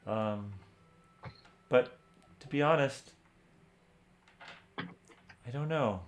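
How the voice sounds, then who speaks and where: A man voicing a wistful female adventurer who speaks in a hesitant, halting way. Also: mid-range voice, a little hiss or hum. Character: wistful female adventurer, unsure of her future.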